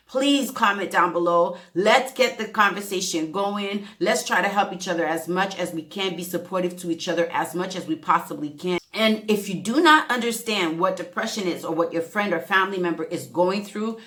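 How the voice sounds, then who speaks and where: A woman's voice: medium pitch, bright, forceful tone. Earnest woman holding back tears. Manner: earnest, emotional, halting reading with self-corrections. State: close to tears. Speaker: vlogger. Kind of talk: heartfelt vlog talk and reading a letter aloud.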